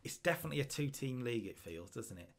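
Relaxed man in his twenties. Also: medium pitch, fast, creaky. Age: 20s. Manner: reads out in-game stats and odds, relaxed. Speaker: co-host of a video game series. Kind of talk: casual gaming chat.

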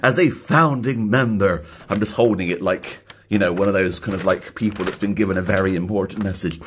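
A man unboxing a package in a casual vlog, joking and laughing, excited and upbeat. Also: sits low, a little fast, a little hiss or hum. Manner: excitable, jokey, laughs often. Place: indoors, later outside in his back garden.

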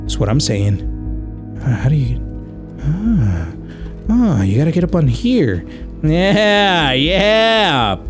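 Lively joking gamer man. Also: mid-range voice. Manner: animated, joking, mixes in Spanish words. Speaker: gaming YouTuber. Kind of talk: casual gameplay commentary.

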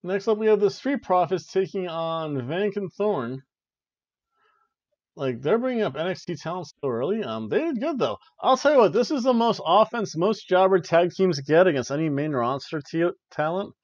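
A man's voice: sits high, lively intonation, normal speed, a little mellow, no echo, dull audio. A young man hosting a wrestling review podcast, giving casual, joking play-by-play with lots of fillers. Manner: rambling, joking, frequent "uh" and "like".

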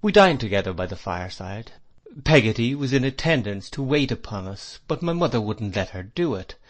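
A man reading a classic novel aloud as an audiobook narrator, in a measured, even storytelling manner. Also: on the low side. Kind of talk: scripted narration.

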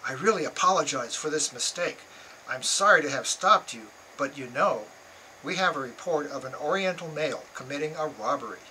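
A man's voice: a little high, animated, normal speed, bright, forceful tone, slight background noise, poor audio. A man putting on a harsh, barking cop. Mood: groveling. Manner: barking, accusatory. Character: harsh, condescending male police officer.

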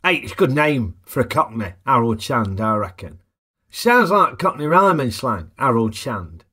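A man's voice: mid-range voice, sing-song, moderate pace, bright, forceful tone, breathy edge. A man giving a chatty, jokey film review full of tag questions. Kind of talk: casual film review narration.

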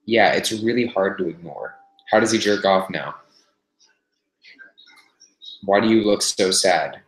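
A vlogger hosts a casual livestream for his viewers in a deep, unhurried voice, though he's in pain from a burned hand. He groans, sighs and swears between remarks, in an echoey room with faint noise.

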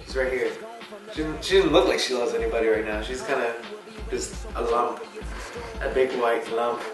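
A man's voice: medium pitch, moderate pace. Hesitant young man, echoey and distant. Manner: rambling, hesitant, trailing off. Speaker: interviewer and friend giving a birthday tribute. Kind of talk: casual birthday video message. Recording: very echoey room, far from the mic, music playing.

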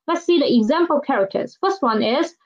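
A woman's voice: high-pitched, expressive, fairly quick, highs cut off. A woman teaching a pinyin lesson, repeating each word and asking learners to read after her. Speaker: Chinese language teacher. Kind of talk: slow classroom pinyin lesson.

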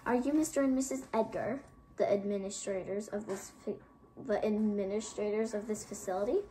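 A woman's voice: mid-range voice, steady tone, fairly quick, mellow, a little hiss or hum, lightly acted, poor audio. A woman reading an audiobook, voicing a brusque, dismissive male carriage driver.

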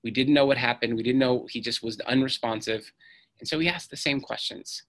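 A man's voice: mid-range voice, brisk, fairly bright tone. A middle-aged man giving an earnest storytelling talk on stage, acting out the voices he quotes. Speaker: speaker.

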